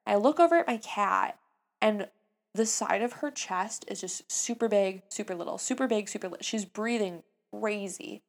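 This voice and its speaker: A young woman in her twenties tells a story straight to her viewers, chatty and self-mocking, with lively asides. Her voice sits at a middle pitch and carries a gravelly, creaky edge. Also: normal speed. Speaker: vlogger. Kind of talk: casual storytelling.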